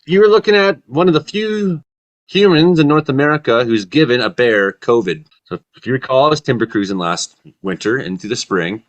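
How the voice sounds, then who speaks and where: A man hosting a comedy talk show, telling rambling deadpan stories in a casual chat. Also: mid-range voice, a little fast, dull audio. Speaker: comedy weather show host.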